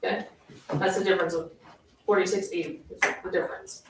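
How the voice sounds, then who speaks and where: A woman's voice: on the low side, fairly even intonation, fairly quick, background noise. A woman supervisor chairing a township board meeting, reading out figures and motions in a businesslike way. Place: indoor township meeting room. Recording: echoey meeting room, mic far off.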